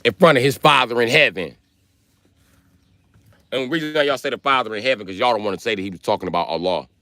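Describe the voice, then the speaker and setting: A man's voice: mid-range voice, quick pace, no room sound. A man hosting a livestream, telling rambling, profane comedic stories. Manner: profane, rambling, lively storytelling. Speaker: livestream host.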